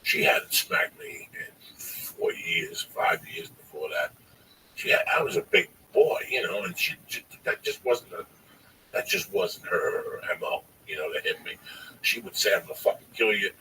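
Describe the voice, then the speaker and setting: Profane rambling man, bright voice. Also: low voice, wildly swooping pitch, a little slow. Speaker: podcast host telling a story. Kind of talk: casual storytelling. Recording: distant mic, faint noise.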